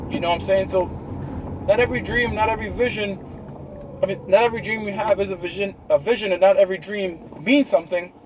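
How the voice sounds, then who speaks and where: Speaking in a high voice against background noise, a man gives casual spoken testimony outdoors in a city, wandering through accounts of his religious dreams and visions and calling his listeners brothers.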